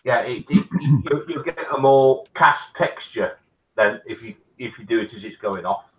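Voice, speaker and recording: Male co-host of a hobby stream, talks through his build with restarts and pauses. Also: mid-range voice, poor audio. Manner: rambling, halting explanations with restarts. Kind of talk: casual chat.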